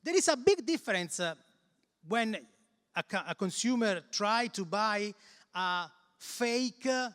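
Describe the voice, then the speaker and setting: A man with an Italian accent giving a conference talk in English, halting and repeating words as he searches for phrasing. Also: high-pitched, bright, forceful tone, clean tone. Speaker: conference speaker. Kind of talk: conference presentation. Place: large conference hall. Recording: reverberant hall.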